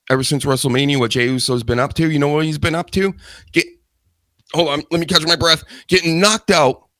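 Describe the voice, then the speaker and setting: A man's voice: medium pitch, fairly bright tone, no echo. Rambling, joking male show host. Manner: rambling, joking, self-mocking asides. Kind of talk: live wrestling news talk show.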